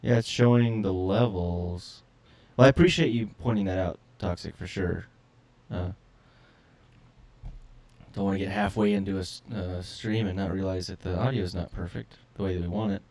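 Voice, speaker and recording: A man's voice: low-pitched, fairly even intonation, normal speed, a little mellow. A man co-hosting a live podcast stream, fumbling with his audio setup while joking and sounding exasperated. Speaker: podcast co-host. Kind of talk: casual live-stream chat.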